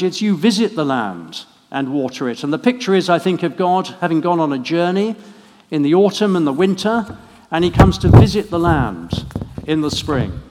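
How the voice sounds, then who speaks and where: English guy giving a harvest sermon, chatty and a bit funny, voice ringing round a big church. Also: a little high. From England. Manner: gently humorous, conversational preaching. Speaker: preacher. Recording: long church reverb.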